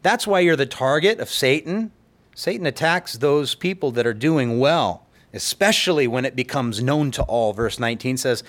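Pastor preaching with lively storytelling. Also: male voice, medium pitch, moderate pace. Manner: storytelling with acted-out quotes. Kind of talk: sermon.

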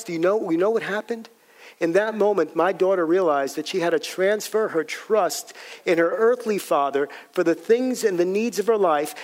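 Animated high-voiced male preacher. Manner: animated storytelling preacher, repeats key lines. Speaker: pastor. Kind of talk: sermon.

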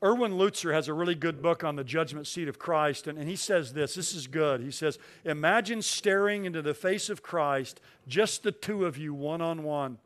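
A man preaching a sermon, who slows down and leans on key phrases as he reads scripture aloud. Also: on the high side, a bit bright. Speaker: pastor.

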